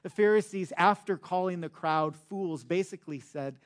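A male pastor preaching a sermon with emphatic, drawn-out words for stress. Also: sits high.

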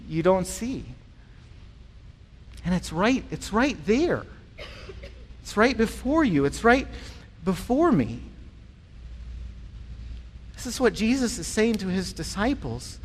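A man delivers a sermon in a relaxed, conversational manner, often repeating a word as he finds his footing. His voice sits fairly high for a man. The recording has the long reverberation of a large hall. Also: measured pace, long pauses. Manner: conversational and animated, acting out voices in stories; repeats words when starting phrases. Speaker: pastor.

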